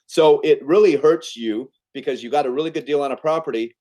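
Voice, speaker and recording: A man in an interview, casually telling a business story in an animated, conversational way, often checking in with "okay?" and "right?". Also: on the high side, a little fast. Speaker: podcast guest, entrepreneur.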